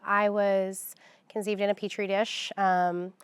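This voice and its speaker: Smooth, composed young woman guest. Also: medium pitch, flat delivery, slow, no room sound. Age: young adult. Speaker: guest, pro-life advocate. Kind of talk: personal testimony in a sit-down conversation.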